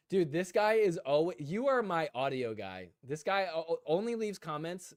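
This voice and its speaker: A young man hosting a casual live stream, telling animated stories and reading chat comments aloud, full of "like" and "dude". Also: a little high, normal speed, few pauses, no echo, clean studio sound. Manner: filler-heavy, says "like" and "dude" a lot. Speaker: podcast host.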